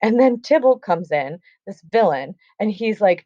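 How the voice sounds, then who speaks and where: A woman's voice: medium pitch, lively intonation, normal speed, hardly any pauses, dark tone, no room sound. A woman teaching a class, reading lines from a play aloud and retelling them in casual, chatty terms. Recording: dull, dry lo-fi recording.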